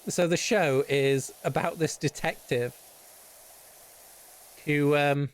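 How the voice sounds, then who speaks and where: A man's voice: on the high side, fairly even intonation, slow pace. A British man streaming casual chat, rambling and swearing often between laughs.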